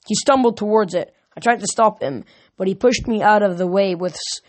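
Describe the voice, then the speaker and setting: A woman's voice: mid-range voice, brisk. A woman reading a novel aloud, now and then stumbling and restarting a word. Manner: reads with small slips and restarts. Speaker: audiobook reader.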